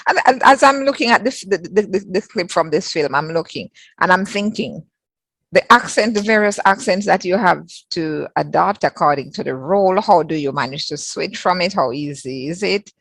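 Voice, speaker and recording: A woman's voice: on the low side, expressive, moderate pace, fairly bright tone. A woman hosting an interview, affirming and echoing her guest's answers. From Jamaica. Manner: affirming, repeats phrases, many backchannels. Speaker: interviewer host.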